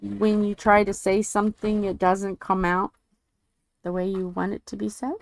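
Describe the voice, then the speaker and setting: A woman's voice: medium pitch, level tone, normal speed, vocal fry, dry recording. A woman with a stuffy head cold chatting casually with viewers while she works on a craft, rambling and tripping over some words. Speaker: diamond painting channel host.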